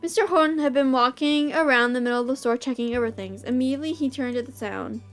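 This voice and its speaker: High-voiced woman reading a visual novel. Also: fast talker, soft background music. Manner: giggly, gushing asides. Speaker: channel host, visual novel reader.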